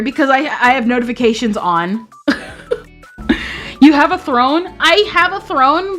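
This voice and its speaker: Giggly high-voiced young woman streamer. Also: a bit bright. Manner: giggly, exclamatory, rambling. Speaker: live streamer. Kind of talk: casual live-stream chat with viewers.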